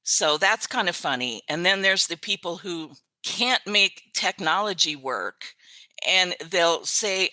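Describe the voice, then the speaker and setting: An older woman talks in a low-pitched but bright voice, recorded close and dry. She chats easily as a guest and tells her stories with frequent laughter. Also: expressive, dry recording. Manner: chatty storyteller, quick to laugh. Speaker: author's virtual assistant, guest. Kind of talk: casual interview chat.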